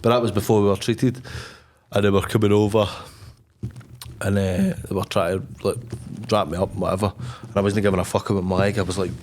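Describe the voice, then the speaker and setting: A young Scottish man, a podcast guest, telling a wild story in a blunt, sweary, animated way. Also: on the low side, brisk, slight background noise. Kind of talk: casual storytelling.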